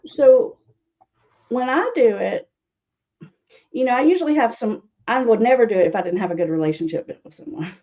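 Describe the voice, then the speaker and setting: A woman's voice: fairly high pitch, lively intonation, normal speed, long pauses, muffled recording. A woman recovery coach answering interview questions in a teasing, sarcastic way, often laughing. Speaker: guest speaker, addiction recovery coach.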